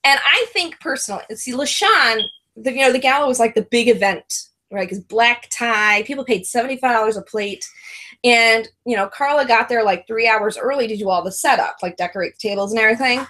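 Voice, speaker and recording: Woman, casual co-host, chatty and rambling, frequent laughter, fillers like "um" and "like", high-pitched, bright. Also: fairly quick. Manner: mimics others in a high, excited voice when retelling. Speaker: co-host of a reality TV review show. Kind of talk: casual chat.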